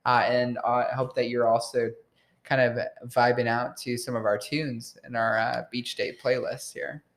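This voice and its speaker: A man's voice: medium pitch, flat delivery, normal speed, fairly bright tone. A man co-hosting a casual podcast, jokey and playful, laughing often and now and then making goofy noises, talking into a mic on a stand. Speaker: podcast co-host. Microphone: tabletop mic on a stand.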